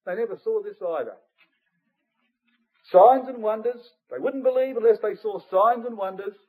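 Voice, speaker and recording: Earnest high-voiced preacher on a tinny line. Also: male voice, lively intonation, brisk, slightly rough. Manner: earnest, rises to emphatic peaks then drops to hushed asides. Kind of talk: Bible study sermon. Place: church hall.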